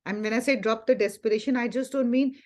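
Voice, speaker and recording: A woman's voice: fairly high pitch, fairly even intonation, fast talker, darkish tone. A woman, a wellness teacher giving a Sunday talk, telling a personal story earnestly with many fillers. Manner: earnest storytelling with frequent fillers and quoted dialogue.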